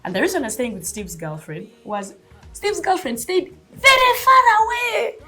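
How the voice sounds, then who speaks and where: A woman in her thirties with a Ugandan accent, telling a personal story in a casual, animated way, often laughing and acting out dialogue. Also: high-pitched, moderate pace, faint music behind. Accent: Ugandan English.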